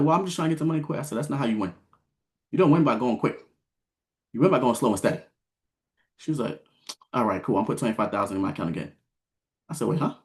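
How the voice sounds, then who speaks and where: Fast, lively storytelling man coach. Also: medium pitch. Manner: animated, acts out both sides of a conversation; blunt, slangy, repeats himself. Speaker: trading and credit coach. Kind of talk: storytelling to an online class.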